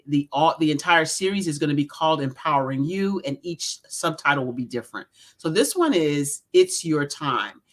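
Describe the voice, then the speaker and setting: A woman's voice: low voice, lively intonation. Earnest middle-aged woman coach. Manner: earnest, measured, lists things. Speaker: executive coach and author. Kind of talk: interview guest.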